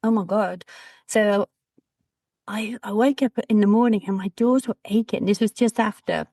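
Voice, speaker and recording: A woman in her fifties chats through her story as a podcast guest, mid-pitched and lively when she acts out what others said. The sound is close and dry, with no room around it. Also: fairly quick, creaky, no room sound. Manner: chatty, animated quoting of dialogue. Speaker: guest, brand designer. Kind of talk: casual interview storytelling.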